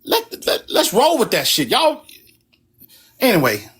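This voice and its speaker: A blunt man lays down the rules in a heated, profane rant. His pitch swings widely as he talks, and he is out of breath. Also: huge pitch swings, a little slow, fairly bright tone, husky. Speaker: host. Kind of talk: heated casual talk.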